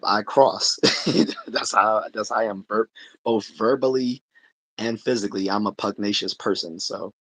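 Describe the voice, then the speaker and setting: Livestream host, male, low husky voice, relaxed talky delivery with lots of restarts. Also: no room sound. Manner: conversational, laughs often, many restarts. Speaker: livestream host answering chat. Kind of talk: casual livestream chat.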